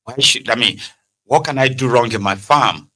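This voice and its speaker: A man's voice: medium pitch, moderate pace, sharp tone, poor audio. A man hosting a political talk show, speaking conversationally and pressing his points with rhetorical questions. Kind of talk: conversational commentary.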